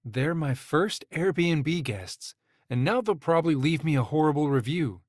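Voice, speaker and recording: A man's voice: fairly high pitch, expressive, a little slow, a little mellow, no room sound, clean studio sound, pitched above the performer's own voice. A man voicing a flustered young woman who speaks in a chirpy, placating way.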